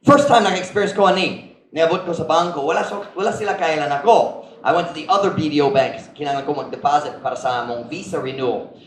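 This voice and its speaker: A man's voice: fairly high pitch, fast, reverberant, a little hiss or hum, rough recording. An American man preaching a sermon as pastor, telling stories in a chatty way and mixing in Cebuano phrases. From United States. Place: church.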